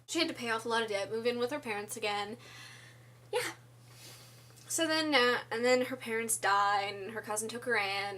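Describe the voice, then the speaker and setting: A woman's voice: fairly high pitch, pushed and bright, a little hiss or hum. A woman casually recapping a musical's story for her vlog, rambling with lots of "like" and fillers and giggly asides. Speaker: musical theatre vlogger.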